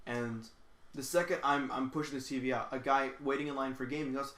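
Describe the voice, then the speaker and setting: Recorded in an echoey room, this late-night podcast host speaks briskly in a medium pitch with a fairly bright tone and mostly even intonation. His storytelling is laid-back, heavy on swearing and stumbling restarts.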